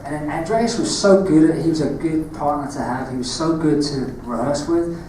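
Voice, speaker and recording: A man with a Cockney accent answering questions on a convention panel, telling animated stories, laughing and acting out moments, recorded from the audience far off in a large hall. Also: a little high, normal speed, a little hiss or hum. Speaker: panel guest, actor and martial artist. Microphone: audience camera far from the stage.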